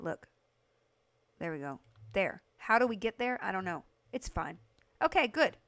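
A woman livestreaming a game, chatting to her viewers in a chatty, gushing, excitable way. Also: a little high, no room sound. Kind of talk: casual gameplay commentary to chat.

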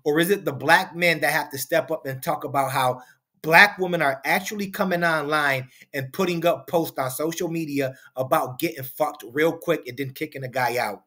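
A man hosts a reaction commentary, lecturing his viewers and piling up rhetorical questions. His voice sits a little high for a man. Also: moderate pace, sharp tone. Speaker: commentary channel host.

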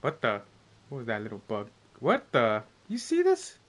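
A man giving excitable live gameplay commentary, yelping, laughing and calling out to a teammate. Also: mid-range voice, moderate pace. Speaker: gamer streaming gameplay. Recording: loud game sirens and traffic behind. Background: game sirens and vehicle noise.

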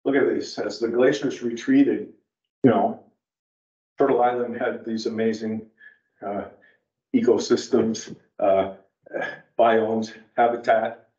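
A man's voice: on the low side, slow, long pauses. Guy giving a wandering adult ed talk in a church room, echoey and kinda far off, muffled. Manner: rambling, digressive, animated storyteller. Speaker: guest speaker. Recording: roomy, distant, dull church hall recording.

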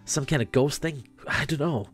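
A man's voice: fairly high pitch, moderate pace, voice pushed up, lightly acted. A man voicing a bewildered, sarcastic teenage student in a game, speaking dryly. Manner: sarcastic, deadpan.

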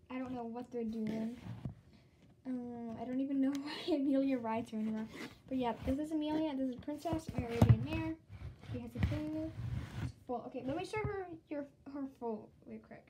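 A high-pitched, giggly woman from the American South walks through her toy collection in a loose, rambling way, dropping "um" and "like" everywhere. Heavy steady background noise and clicks run under her voice throughout. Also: moderate pace. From Southern United States. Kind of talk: casual show-and-tell tour.

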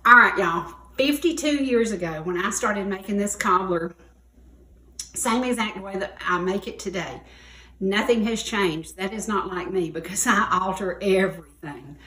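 On a TV studio kitchen set, a sixty-something cooking show host from Georgia speaks at normal speed in a medium-pitched, bright, forceful voice with a Southern American accent. Her folksy demonstration is chatty and homespun, full of emphatic repetitions. The audio is poor and roomy, with slight background noise.

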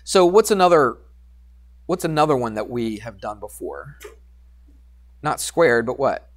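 A man teaching algebra to a class, animated and teasing, coaxing students with questions. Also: mid-range voice, a little slow. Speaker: high school math teacher. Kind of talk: classroom lecture.

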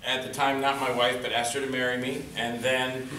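Bright-voiced man telling stories in a roomy hall. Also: medium pitch, moderate pace. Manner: animated, acts out quotes in raised voices. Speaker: indie film actor and stuntman, panelist. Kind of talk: convention panel storytelling. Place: convention panel room. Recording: roomy hall from far off, faint noise.

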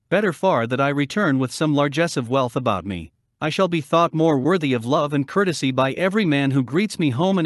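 A weathered, clever hero answers a king with careful courtesy, as a male reader gives him voice. His tone is measured but lively, pitched a little high. The reading is dry and close. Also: no room sound.

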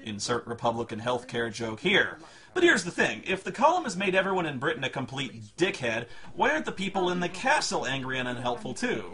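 A man's voice: medium pitch, very animated, fairly quick, sharp tone. A man reviewing a video game in a sarcastic, profane, exasperated comic rant.

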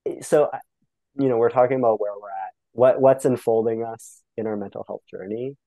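A man's voice: medium pitch, brisk, mellow, dry recording, low-quality recording. A young Canadian man speaking reflectively as a podcast guest, often acting out the voices of people he quotes. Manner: reflective, filler-heavy, acts out quoted exchanges. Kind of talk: casual conversation.

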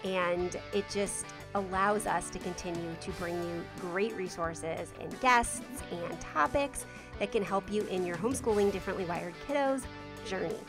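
A woman's voice: medium pitch, moderate pace. A woman podcast host doing an enthusiastic sponsor read. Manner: upbeat, enthusiastic endorsement. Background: clear music.

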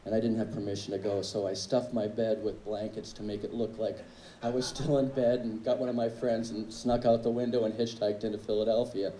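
A man telling his own stories as a drummer at a tribute, relaxed and wry in his delivery. His tone is mellow and somewhat dark, at an average pitch. The sound bounces around an echoey club, with a faint hum of room ambience behind him. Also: fairly quick, few pauses. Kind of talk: anecdotal storytelling speech. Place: live music club stage.

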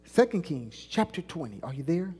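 In a church sanctuary with long reverb and soft music behind her, a woman pastor preaches in a low, dark, breathy, sing-song voice at normal speed. She leads call-and-response, prompting the congregation to repeat phrases, and stretches key lines out for emphasis.

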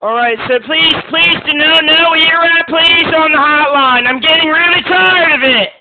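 Shrill panicky man, tinny lo-fi sound. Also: normal speed, noisy background. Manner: frantic shouting outbursts between soft pleading. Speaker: livestream hotline host. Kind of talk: comedic livestream rant. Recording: tinny phone-quality lo-fi audio.

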